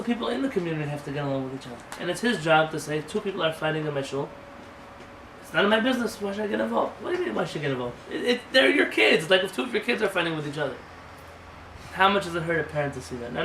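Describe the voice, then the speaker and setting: A man's voice: a little high, expressive, racing, fairly bright tone. A man, a rabbi, teaching an informal class in a conversational, emphatic way, often asking rhetorical questions. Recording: roomy sound from a distant mic with faint noise.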